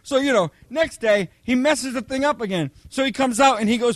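A male pastor with a high voice delivers a sermon full of animated stories. He keeps checking in with the congregation with a quick "okay?" or "right?". The sound is close and dry, with no room echo.

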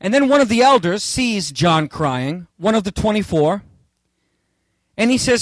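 A man preaching an expository sermon, animated and theatrical, joking with the congregation as he works through the verses. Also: high-pitched, moderate pace, no room sound.

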